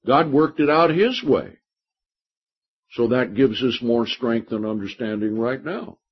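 Slow and emphatic, a slightly rough male voice of medium pitch teaches from the Bible, reading scripture aloud during his sermon. The recording sounds dull and lo-fi.

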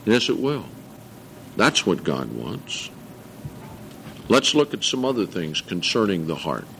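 An older man preaching a sermon to a congregation, earnest, slowing down to stress scripture and correcting himself as he goes. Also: low-pitched, big pitch swings, creaky, bright, forceful tone, a little hiss or hum. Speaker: pastor.

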